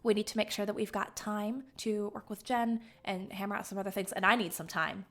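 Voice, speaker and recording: A woman from the Southern United States with a light Southern American accent, hosting a stream as game master in excitable, bubbly casual chat. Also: medium pitch, fairly quick, faint music behind. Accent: light general Southern American. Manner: bubbly, excitable, laughs often.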